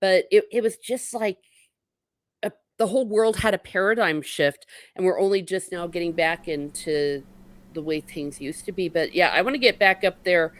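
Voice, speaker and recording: A woman's voice: on the low side, normal speed, dry recording. A woman in her late forties hosting a casual livestream on a video call, chatty and joking at her own expense. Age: 40s. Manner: chatty, jokey, self-mocking. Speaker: host.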